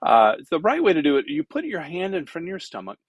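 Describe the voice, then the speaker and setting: A man's voice: fairly high pitch, wildly swooping pitch, fast talker, no echo, muffled recording. A man teaching public speaking in a conversational lecture, demonstrating as he goes and using many fillers. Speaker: instructor.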